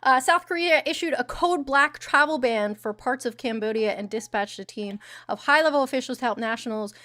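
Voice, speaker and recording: Brief: young woman streamer, fairly high voice, dry close sound, blunt sarcastic news chat. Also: fairly quick, bright, forceful tone, dry recording. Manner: blunt, sarcastic, swears freely. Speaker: livestream host. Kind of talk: casual news commentary livestream.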